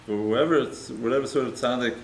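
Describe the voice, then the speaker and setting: Fairly quick and medium in pitch, a rabbi preaches through a story in an easygoing, conversational style, often tagging a question onto the end of a point. There's a roomy echo and faint noise in the recording.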